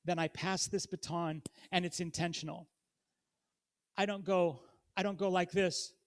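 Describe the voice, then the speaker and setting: A man with a notably high voice preaches in a church. He reads scripture aloud, then speaks conversationally and turns to the congregation with direct questions. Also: steady tone, a little slow. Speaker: guest preacher. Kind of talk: sermon.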